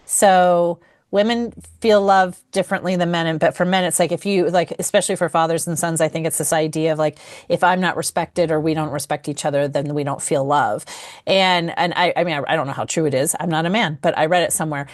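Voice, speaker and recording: A woman's voice: sits low, fairly even intonation, a little fast, no echo, clean studio sound. A middle-aged woman co-hosting a casual podcast chat, talking as a mother in a thoughtful, hesitant way and laughing often. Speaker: podcast co-host.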